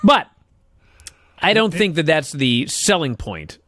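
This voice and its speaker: A man's voice: on the high side, very animated, takes it slowly, fairly bright tone. A man co-hosting a casual chat, ranting with plenty of swearing and exasperation. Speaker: podcast co-host.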